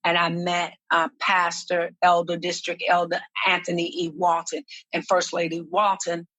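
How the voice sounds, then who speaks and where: In a podcast interview, a woman who is a minister and activist shares her personal testimony, speaking earnestly and slowly and often repeating herself while she gathers her thoughts. Her voice is lowish, monotone and sharp in tone, with no echo.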